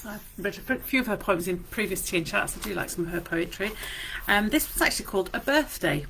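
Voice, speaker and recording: A woman, a librarian, chatting casually with frequent fillers in a library and reading poems aloud slowly and deliberately. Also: mid-range voice, animated, creaky, background noise. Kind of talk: casual chat and poetry reading.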